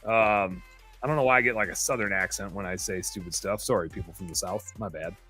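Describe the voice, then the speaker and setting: A man's voice: deep voice, fairly quick, pushed and bright, breathy edge, faint music behind. A man in his thirties hosting a podcast, rambling and self-mocking in casual banter. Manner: rambling, self-mocking, reads aloud in a jokey tone. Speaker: podcast host.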